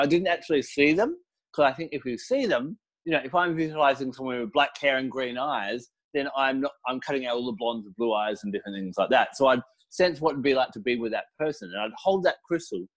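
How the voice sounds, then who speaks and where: A middle-aged man giving a casual interview, explaining crystal practices with relaxed storytelling and fillers. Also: mid-range voice. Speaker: crystal and essential oil teacher, guest.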